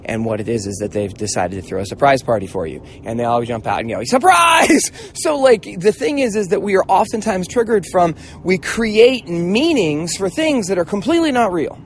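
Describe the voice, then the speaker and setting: A middle-aged man speaking in a fairly high voice as he gives a motivational talk. He tells stories in a casual, animated way and acts out the people in them. A faint hiss of noise sits under his voice. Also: fairly quick, few pauses, raised voice. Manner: animated storytelling, acting out voices; casual, swears now and then. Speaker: host, mentor.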